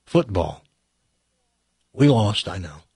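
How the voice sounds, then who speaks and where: Middle-aged man, talk show host, casual chat and jokes, lively pitch swings, slightly husky, dry close sound. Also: slow, dry recording. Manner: chatty, animated storyteller.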